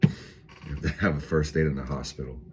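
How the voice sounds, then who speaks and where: A man's voice: rumbling low, fairly even intonation, fast talker, a little mellow, slight background noise. A man casually reading tarot cards on his vlog, swearing freely and laughing often. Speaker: tarot reader vlogger.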